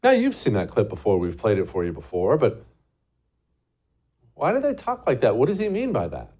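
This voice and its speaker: A man's voice: on the low side, wildly swooping pitch, normal speed, a little mellow. A man hosting a show, delivering a scornful, emphatic political commentary monologue full of rhetorical questions. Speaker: show host.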